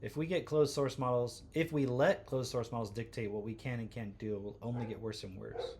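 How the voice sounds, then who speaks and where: A man's voice: medium pitch, fairly even intonation, a little fast, few pauses, a little mellow, slight background noise. A man hosting a livestream from home, reading posts aloud and breaking in with sarcastic, incredulous asides. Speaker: livestream host.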